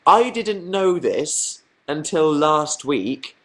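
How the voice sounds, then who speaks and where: A man's voice: mid-range voice, expressive, moderate pace. A young man chatting casually on a livestream, rambling, mocking himself and reading viewers' comments aloud. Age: young adult. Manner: rambling, self-mocking, reads chat aloud. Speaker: livestream host.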